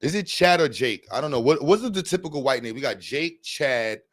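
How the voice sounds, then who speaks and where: A man's voice: medium pitch, expressive, a little fast, no room sound. A man livestreaming, chatting loosely and profanely with his viewers and joking around. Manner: talks to his chat. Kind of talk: casual livestream chat.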